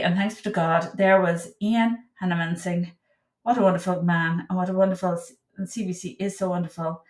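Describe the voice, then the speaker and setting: A woman talking casually on her own, rambling and emotional, her voice swinging from high outbursts to low murmured prayer. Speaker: vlogger. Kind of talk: casual monologue to camera. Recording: echoey room.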